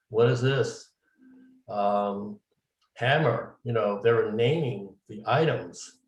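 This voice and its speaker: A man being interviewed, telling his story casually and acting out the dialogue he quotes. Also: lowish voice. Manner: recounts events at length, acting out quoted dialogue. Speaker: interview guest, medium. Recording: roomy, distant mic.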